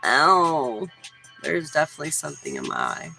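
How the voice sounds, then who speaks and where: A woman's voice: low voice, normal speed, gravelly, faint music behind, rough recording. A woman in her forties from Texas, chatting casually with viewers on her livestream. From Houston, Texas. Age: 40s. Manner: relaxed, chatty, talks straight to chat. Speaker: livestream host.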